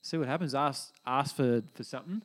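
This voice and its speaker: A man's voice: mid-range voice, brisk. An Australian man co-hosting a casual chat, easygoing and reassuring. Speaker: podcast co-host.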